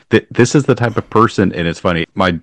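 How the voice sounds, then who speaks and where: Deep-voiced dad talking movies. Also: male voice, moderate pace, no room sound. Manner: enthusiastic, self-deprecating, laughs. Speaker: podcast co-host, parent. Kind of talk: casual film discussion.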